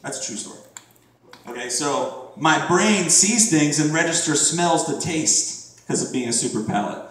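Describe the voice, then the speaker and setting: A man's voice: a little high, animated, normal speed. A man in his thirties from Florida doing a crude, rambling stand-up set full of profanity. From Florida, USA. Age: 30s. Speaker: stand-up comedian. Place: comedy club stage. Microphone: distant room mic. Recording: very echoey room from far off.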